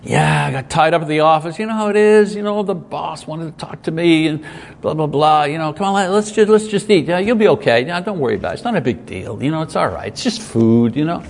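A man's voice: a little high, expressive, gravelly. A man voicing a breezy husband who shows up late for dinner and waves off the problem. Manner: brushing things off, upbeat and hurried. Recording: long hall reverb.

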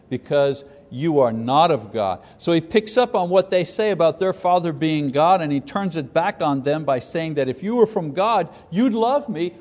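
A fairly high-voiced man preaching verse by verse, reading scripture and then slipping into casual, joking asides to his listeners. His voice carries a long reverb, as if filling a large hall. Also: darkish tone. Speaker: pastor. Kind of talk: verse-by-verse Bible teaching.

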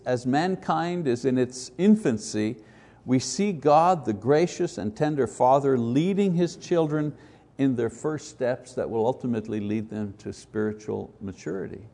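A man with a warm, mid-range voice teaches an informal Bible lesson conversationally. He restarts often and poses rhetorical questions.

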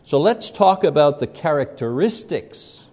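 Male teacher, slow and halting lecture delivery, slightly high voice, long hall reverb. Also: big pitch swings, a little mellow. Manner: unhurried, halting, with many fillers and asides. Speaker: Bible teacher. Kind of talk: classroom lecture.

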